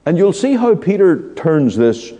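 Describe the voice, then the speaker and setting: Slow, lively-pitched preacher man. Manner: slow, emphatic pastoral preaching with dramatic pauses. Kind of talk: evening sermon. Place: church. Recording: long church hall reverb.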